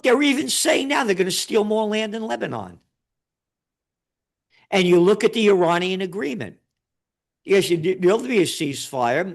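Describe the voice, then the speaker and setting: A high, gravelly New man who ranges wildly in pitch as he speaks. He rants with combative sarcasm as an interview guest. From the Bronx, New York. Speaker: guest commentator. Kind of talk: heated political rant.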